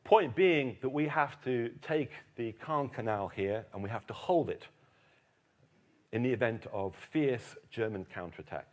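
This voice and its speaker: An English man with a low voice giving a lively, humorous lecture as keynote speaker at a conference. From England. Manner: lively storyteller, dry self-mocking humor. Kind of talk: lecture to a live audience. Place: conference hall.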